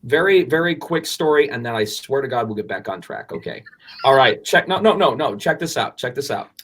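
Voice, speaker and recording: A man in his forties, co-hosting a podcast, telling a story in an animated, rambling way with restarts and casual swearing. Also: mid-range voice, brisk, slightly rough. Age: 40s. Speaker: podcast co-host.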